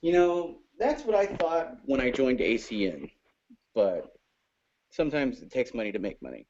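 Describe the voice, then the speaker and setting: Chill guy from arizona chatting, mellow dark voice, muffled audio. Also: mid-range voice, big pitch swings, moderate pace, gravelly. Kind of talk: casual chat. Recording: dull lo-fi stream audio.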